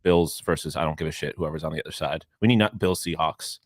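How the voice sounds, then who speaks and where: A man co-hosting a sports show in casual chat, animated and loose, with casual swearing. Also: a bass voice, fast talker, no echo. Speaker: co-host.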